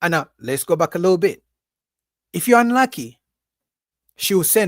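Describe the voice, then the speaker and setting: This livestream host talks at a moderate pace with frequent pauses, recorded dry with studio quality. His casual, emphatic monologue of opinions is full of repetition and "right?" asides, and he animatedly imitates women in a high, mocking voice.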